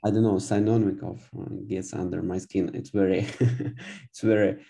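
A man's voice: low-pitched, level tone, normal speed, vocal fry, dark tone. A man learning English, answering hesitantly with many fillers. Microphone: video call.

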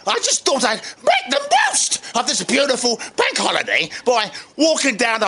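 Theatrical man, wildly swooping pitch. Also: wildly swooping pitch, normal speed, few pauses, slight background noise, poor audio. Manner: theatrical and exuberant, with sudden loud outbursts. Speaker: actor and channel host. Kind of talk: casual vlog to camera. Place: outdoors by a river. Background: faint outdoor ambience.

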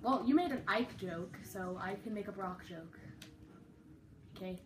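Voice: mid-range voice, expressive, a little slow, echoey room, recorded from a distance, background noise. A gaming channel host giving casual, teasing commentary over a match, yelping at game events.

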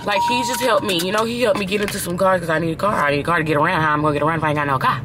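A young woman talking casually to her camera, excited, slangy and swearing, with loud bursts and laughter. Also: on the low side, racing, background noise. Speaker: vlogger. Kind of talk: casual vlog chat to camera.

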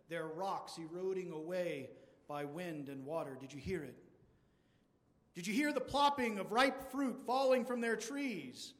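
A man's voice: high voice, fairly bright tone. A man preaching a sermon in a church, asking rhetorical questions again and again. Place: large church. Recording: long church reverb.

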